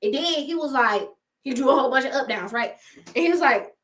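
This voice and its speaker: A woman's voice: high-pitched, animated, brisk, fairly bright tone. A young woman talking casually to camera, giving emphatic, slangy motivational advice with frequent laughs.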